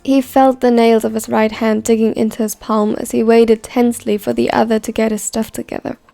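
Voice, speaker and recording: A woman narrating a fan story in an even, measured reading voice. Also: a little high, gravelly.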